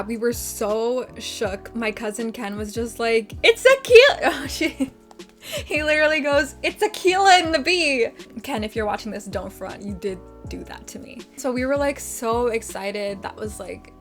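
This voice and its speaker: A young woman vlogger telling a casual story, gushing and peppering it with filler words. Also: mid-range voice. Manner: gushing, filler-heavy with many likes.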